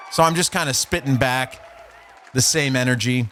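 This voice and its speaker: A man's voice: medium pitch, moderate pace, fairly bright tone, some chatter behind. A man hosting a podcast, casually recounting an online argument in a profane, trolling way and reading messages aloud. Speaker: podcast host. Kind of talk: casual storytelling.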